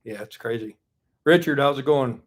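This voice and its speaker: A man's voice: medium pitch, normal speed. A man hosting a casual live stream, rambling, teasing and greeting viewers by name.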